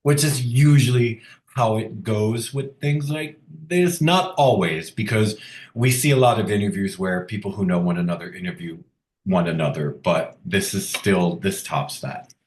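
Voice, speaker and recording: A man in his fifties with a very deep voice speaks earnestly and thoughtfully, pausing to search for words. His voice sounds roomy, as if picked up in an open space on a video call. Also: a little mellow. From Long Island, New York. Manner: thoughtful, earnest, halting with fillers. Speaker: author guest. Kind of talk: reflective conversational interview.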